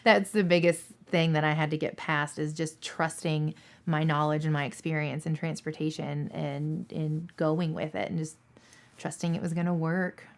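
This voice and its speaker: Candid woman in her thirties, slightly low. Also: darkish tone. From Seattle, Washington State. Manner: candid and earnest, with emphatic repetition. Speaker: dispatcher. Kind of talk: interview answers.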